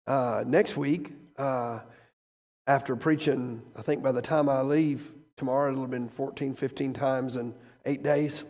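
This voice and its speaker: An older man preaching, emotional and rambling at first, then rising loud and fervent. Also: medium pitch, fairly even intonation, a little slow. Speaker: traveling preacher. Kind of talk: sermon. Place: church sanctuary. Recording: echoey church hall.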